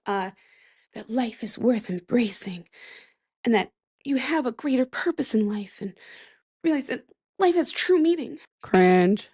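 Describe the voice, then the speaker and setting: A woman in her thirties hosting a casual solo podcast, chatty and rambling with sarcastic asides. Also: a little high. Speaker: podcast host.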